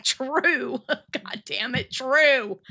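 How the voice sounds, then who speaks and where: A woman's voice: sits high, drawn-out words, bright, forceful tone, no room sound, clean studio sound. A woman co-hosting a casual livestream chat, blunt and complaining, swearing heavily. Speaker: co-host.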